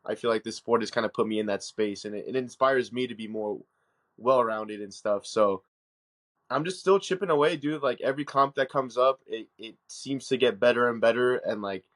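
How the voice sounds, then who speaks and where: A man's voice: mid-range voice, normal speed, fairly bright tone. A young man calling in by phone to a podcast, earnest and grateful, rambling a bit. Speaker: podcast guest, powerlifter. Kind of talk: casual chat. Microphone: phone call.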